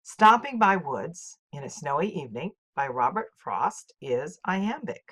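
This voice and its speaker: A woman teaching, reading a scripted poetry lesson in a clear, measured way and reciting poems with marked rhythm. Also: deep voice, big pitch swings, fairly bright tone. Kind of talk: scripted educational narration.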